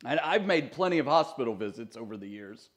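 A pastor preaching a sermon in a church, talking conversationally with joking asides to the congregation. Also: male voice, mid-range voice, animated, brisk. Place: church sanctuary.

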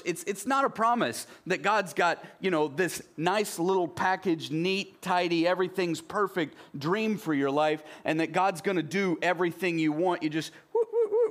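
A man's voice: on the high side, moderate pace, hardly any pauses, fairly bright tone. A middle-aged man pastor preaching a sermon in a conversational way, reading scripture aloud and then explaining it.

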